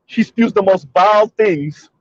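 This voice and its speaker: Man, somewhat high voice, rhetorical questions, emphatic commentary. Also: unhurried, no room sound, muffled recording. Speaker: commentary video host. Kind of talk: monologue commentary.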